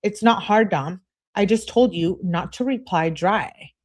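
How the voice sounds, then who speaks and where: A woman's voice: mid-range voice, a little slow, lightly acted. A woman reading aloud as an upset teenage girl, clingy and indignant, complaining in an exasperated way. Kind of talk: reading text messages aloud.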